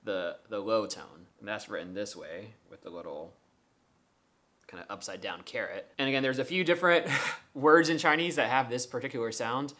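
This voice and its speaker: A man's voice: on the low side, moderate pace, sharp tone. Man explaining step by step. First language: English. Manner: methodical, explains step by step with examples. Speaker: language-learning vlogger. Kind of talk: explanatory vlog talk.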